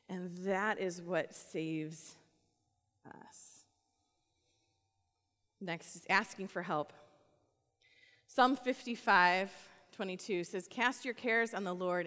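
A woman pastor preaching a sermon in a casual, conversational way, rising to animated reading and dropping to soft, hushed lines. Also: lowish voice, long reverb tail.

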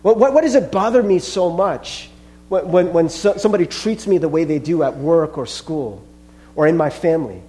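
A man's voice: a little high, lively intonation, moderate pace, mellow. A male pastor preaching a sermon in an earnest, conversational way, often calling the listeners friends.

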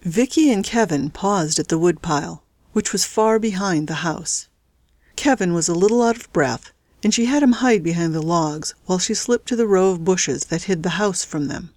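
A woman's voice: moderate pace, darkish tone, no room sound. A woman narrating a story aloud, reading every character's lines herself with small shifts in her voice. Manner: reads all characters with small pitch shifts. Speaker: audiobook narrator. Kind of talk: scripted narration.

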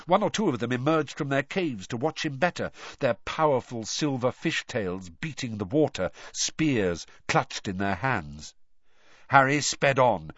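Expressive male audiobook narrator. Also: medium pitch, dry recording, muffled recording. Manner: expressive storytelling. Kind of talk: scripted narration of a novel.

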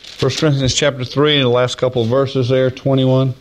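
In a plainspoken, folksy sermon on Scripture, a male preacher slowly draws out and stresses key phrases, raising them high, then drops into hushed, low asides. Otherwise his pitch moves very little.

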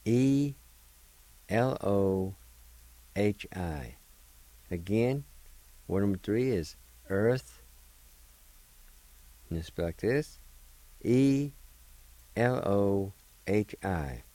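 Low-voiced radio host guy, super slow and careful, spells out every word letter by letter. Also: expressive, dark tone, no echo, poor audio. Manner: deliberate, repeats each word and spells it letter by letter. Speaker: radio host teaching vocabulary. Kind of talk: slow spelled-out language lesson.

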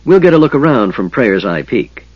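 A man voicing a weary, resolute male half-elf leader in an audiobook, speaking firmly and curtly with a husky voice. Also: mid-range voice, very animated, moderate pace, dry recording, lo-fi sound, voice pushed up. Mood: grim. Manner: firm, grim, curt.

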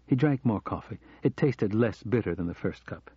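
A man narrating a novel in a measured, steady way, close to the mic, on a dull recording. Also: fairly low pitch, husky, no echo. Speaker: audiobook narrator. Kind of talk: scripted narration.

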